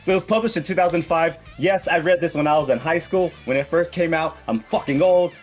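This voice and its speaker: Guy in his 30s rambling and cursing thru a manga recap, kinda high voice, faint guitar behind. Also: a little fast. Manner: profane, rambling retelling. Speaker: podcast host presenting a manga. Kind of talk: casual chat.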